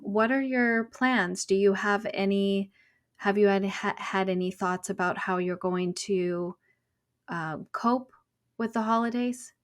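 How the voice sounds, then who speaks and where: A woman hosting a podcast, asking gentle, unhurried questions of a guest. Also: mid-range voice. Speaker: podcast host.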